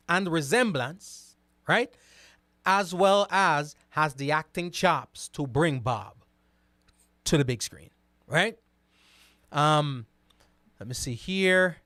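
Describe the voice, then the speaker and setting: A man hosting a show, reading out viewer comments and talking back to them in a casual, animated way, often repeating words and asking "right?". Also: a little high, no echo. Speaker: host.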